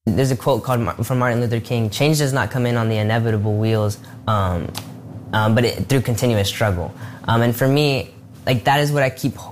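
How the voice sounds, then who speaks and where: A man's voice: mid-range voice, a little fast, slight background noise. A teenage man of eighteen speaking earnestly in an interview, with fillers and restarts. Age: late teens. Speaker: interviewee, student. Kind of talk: casual interview answers.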